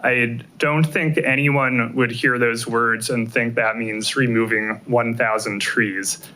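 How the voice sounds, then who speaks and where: A man giving a measured, reasoned public comment at a city council meeting at a podium microphone. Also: medium pitch, steady tone, pushed and bright, rough recording. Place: council chamber.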